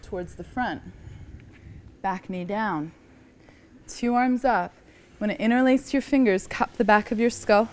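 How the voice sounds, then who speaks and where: A woman teaching a yoga class, giving calm, encouraging cues and slightly out of breath as she moves through the poses. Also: mid-range voice, unhurried, long pauses. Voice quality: calm, encouraging cueing, often soft. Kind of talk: guided yoga class instruction.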